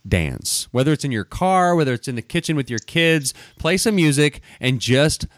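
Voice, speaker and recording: A man's voice: fairly high pitch, animated. Easygoing male podcast co-host. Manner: easygoing, quick host patter. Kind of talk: casual chat.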